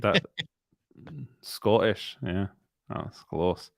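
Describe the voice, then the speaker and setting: A man in his thirties chatting casually as a co-host, rambling and joking with frequent laughs. His voice sits fairly low and the room sounds dry and close. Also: lively intonation, extremely slow, vocal fry, no room sound. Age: 30s. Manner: jokey, rambling, laughs often. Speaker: podcast co-host. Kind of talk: casual chat.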